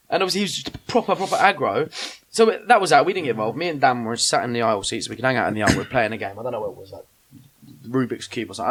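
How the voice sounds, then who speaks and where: A young man rattles through an anecdote at a fast clip. He swears freely and acts out the other people's lines with plenty of energy. It is casual podcast storytelling at a middle pitch. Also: a bit bright. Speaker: podcast guest telling a story.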